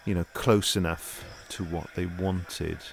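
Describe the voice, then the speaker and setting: Man, very low voice, self-important, rambling, hesitant, improvised comedy chat, faint background noise. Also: steady tone, unhurried, gravelly. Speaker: actor.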